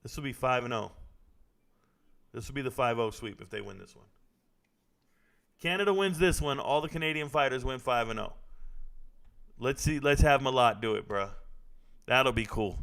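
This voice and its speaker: Man, live fight reaction, excitable, gravelly, mid pitch, casual. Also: normal speed, pauses often. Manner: excitable, blurts reactions and talks to chat.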